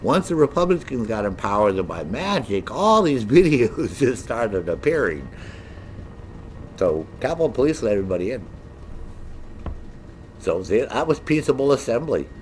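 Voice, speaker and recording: A middle-aged man ranting casually with a lot of profanity, in a lively, mocking storytelling way. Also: medium pitch, normal speed, long pauses, a little hiss or hum. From United States. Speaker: gaming streamer.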